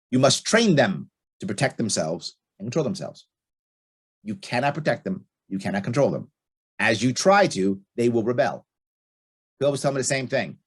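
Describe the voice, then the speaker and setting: A man's voice: medium pitch, a bit bright, slightly rough. A middle-aged man speaking as a guest in a casual podcast interview, blunt and emphatic, repeating his key points. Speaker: podcast guest, libertarian candidate.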